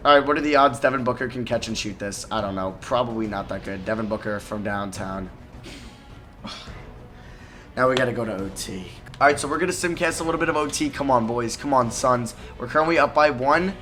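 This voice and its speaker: A man talking through his basketball video game as he plays it, his voice sitting at an ordinary middle pitch. He lurches between sudden loud outbursts and quiet, grumbling mutters. Faint music plays underneath him. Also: a little fast. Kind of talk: live gameplay commentary.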